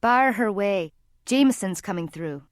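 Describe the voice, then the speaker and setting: A woman reading the lines of a male fairy guard who speaks calmly and curtly. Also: mid-range voice, measured pace, no room sound, studio quality, close to an everyday voice. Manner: calm, curt. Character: calm male fairy sentry, curt.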